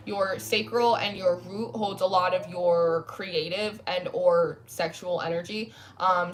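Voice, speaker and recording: A woman's voice: fairly low pitch, a bit bright, slight background noise. Young woman rambling on her live tarot stream, home room lit with candles, chatty and loose. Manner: chatty, rambling, reads and answers comments. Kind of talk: casual livestream chat.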